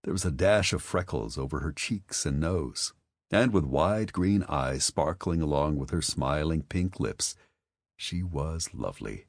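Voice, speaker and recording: A man reading an audiobook as its narrator, with expressive storytelling. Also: very deep voice, a little slow, no room sound, clean studio sound. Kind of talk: scripted narration.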